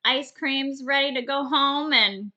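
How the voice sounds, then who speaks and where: A woman's voice: high voice, a little slow, pushed and bright, highs cut off. A woman co-hosting a casual news chat with her husband, giving dry, teasing replies. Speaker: co-host.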